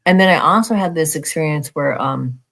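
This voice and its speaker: Give me a podcast co-host chatting casually at a middle pitch, stopping and restarting, leaning hard on "like" and "you know what I mean". The delivery feels loose and unscripted. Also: fairly quick, fairly bright tone. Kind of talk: casual conversation.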